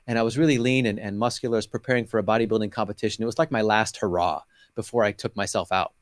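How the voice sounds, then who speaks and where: A man's voice: fairly low pitch, steady tone, racing, dry recording. Earnest middle-aged man telling his testimony. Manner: earnest, emotional storytelling, acting out past dialogue. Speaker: interview guest. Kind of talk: personal faith testimony.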